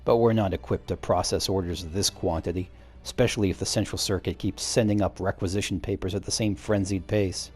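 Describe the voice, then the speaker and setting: A man's voice: low-pitched, steady tone, brisk, hardly any pauses, darkish tone, husky, voice pushed down. A man voicing a weary, grumbling researcher who hauls ore, reading game dialogue in a matter-of-fact way.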